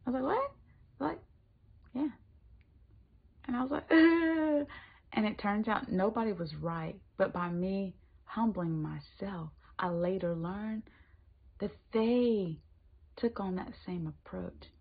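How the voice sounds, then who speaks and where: A woman giving a spoken Christian devotional, moving between emphatic lines and hushed whispers. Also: medium pitch, unhurried, breathy edge. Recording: tinny phone-like sound.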